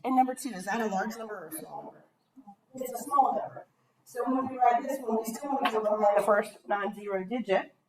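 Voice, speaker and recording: A woman's voice: fairly high pitch, fairly quick, background noise. A woman teaching a math lesson to a class. She talks patiently, often stops to ask the class questions, and her throat keeps catching with coughs.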